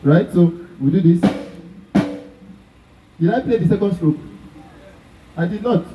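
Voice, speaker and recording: A drum instructor with a Nigerian accent runs a live workshop in a large, echoey festival room, constantly checking whether the class is following. His voice is high and measured, heard from far off over music, with the highs cut off.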